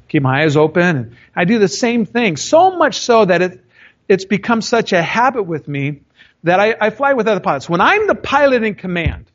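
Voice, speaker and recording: A middle-aged man preaching a sermon as pastor, an animated storyteller who jokes with the congregation. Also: fairly high pitch, dull audio.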